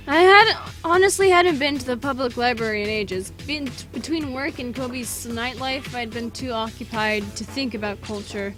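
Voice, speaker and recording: A woman's voice: on the high side, normal speed, hardly any pauses, over music. A woman reading through a visual novel with goofy, joking casual commentary and the odd swear.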